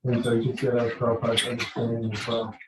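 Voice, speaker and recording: Flat-voiced man commenting from afar. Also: mid-range voice, fast talker. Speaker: class participant. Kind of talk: audience comment. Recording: distant in echoey room with noise.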